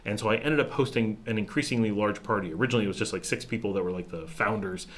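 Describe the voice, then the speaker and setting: A middle-aged man hosting a casual live Q&A from home, telling stories in an animated, rambling way, with many restarts and acted-out quotes. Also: fairly low pitch, fast. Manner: animated, acts out quotes in changed voices, restarts often. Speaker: livestream host answering viewer questions. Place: home in a town abroad.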